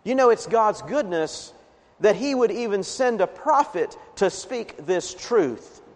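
A man's voice: high-pitched, animated, slow pace. A man preaching a sermon as a pastor, earnest, swelling with emphasis on key words. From Appalachian region of the US. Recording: reverberant hall.

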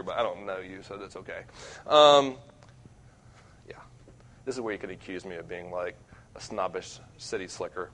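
Young man, campus minister, sermon, earnest, self-deprecating, loud then hushed, mid-pitched. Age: young adult. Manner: earnest, self-deprecating, wide swings in loudness.

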